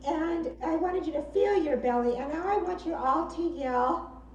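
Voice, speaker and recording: A woman instructor leading an online self-defense workshop, encouraging and giving clear commands. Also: sits high, lively intonation, moderate pace, roomy sound, muffled recording, slight background noise. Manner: encouraging, gives clear commands, laughs easily. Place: indoor room. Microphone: video call.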